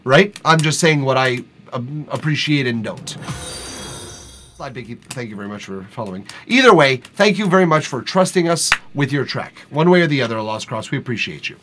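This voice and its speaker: A man's voice: mid-range voice, sing-song, brisk, few pauses, fairly bright tone, a little hiss or hum. Blunt man streaming live. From Quebec, Canada. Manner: blunt, candid. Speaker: host reviewing listeners' music. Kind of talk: casual live-stream chat.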